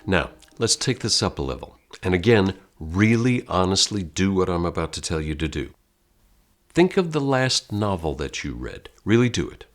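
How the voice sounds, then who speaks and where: In an online acting lesson, a deep-voiced American teacher addresses the viewer directly and theatrically, as though speaking to a class. His pitch swings widely in a sing-song way at a normal speed, with faint music in the background.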